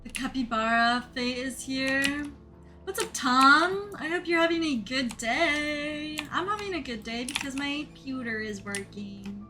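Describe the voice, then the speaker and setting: A young woman streaming a game, chatting playfully and excitably with her viewers. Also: high-pitched, measured pace, music in the background. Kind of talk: casual game commentary.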